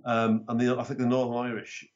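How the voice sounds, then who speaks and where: A man's voice: mid-range voice, completely flat delivery, fairly quick, highs cut off. A man with a South Welsh accent, a former rugby player and guest, joking in crude, rambling banter. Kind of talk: casual chat.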